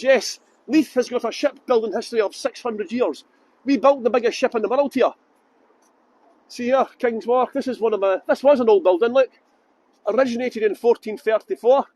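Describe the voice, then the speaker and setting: A man's voice: extremely high pitch, a little mellow. A Scottish man leading a live walking tour outdoors, chatting casually and reading viewer comments as he goes. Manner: chatty, rambling, reads viewer comments aloud. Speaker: tour guide. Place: outdoors on a waterfront.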